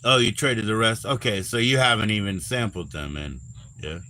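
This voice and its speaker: Male host, 40s, casual stream chat, profane and rambling, low voice, faint night ambience. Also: animated, moderate pace, noisy background. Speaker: livestream host.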